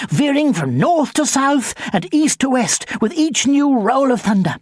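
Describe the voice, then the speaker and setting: Lively woman reading a storybook. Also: mid-range voice, breathy edge, no echo, clean studio sound. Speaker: audiobook narrator. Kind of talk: storybook narration.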